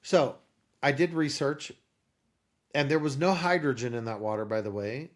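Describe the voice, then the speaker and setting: A man's voice: medium pitch, normal speed. A man, a podcast guest, telling a long personal story and acting out the conversations in it. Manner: animated storyteller acting out dialogue.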